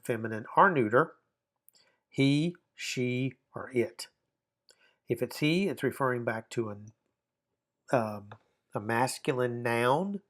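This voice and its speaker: In a recorded online grammar lesson, a man explains things one step at a time, often repeating or rephrasing what he's said. His voice is medium in pitch and a little bright.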